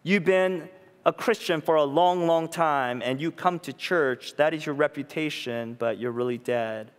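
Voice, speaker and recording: A man's voice: on the high side, a little slow, clean tone. A man in his thirties or forties preaching a sermon in a conversational way, often asking "you know?" and acting out quotes. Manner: conversational preaching, tag questions, acted-out quotes. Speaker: pastor. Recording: long reverb of a church hall.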